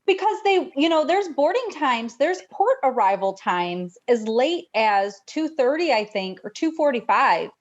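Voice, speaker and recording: A woman's voice: high-pitched, very animated, unhurried, few pauses, lo-fi sound. A woman co-hosting a podcast, chatting casually and gushing with enthusiasm. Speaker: podcast co-host.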